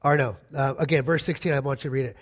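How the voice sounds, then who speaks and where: A man's voice: mid-range voice, fairly even intonation, fast talker. A middle-aged man preaching a sermon as a pastor, conversational and emphatic, repeating key phrases and joking casually with the congregation.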